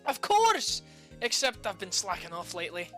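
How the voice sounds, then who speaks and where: A woman voicing a cheerful, excitable young female spirit medium in a game read-through. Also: medium pitch, normal speed, soft background music. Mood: chirpy. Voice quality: bubbly, excitable.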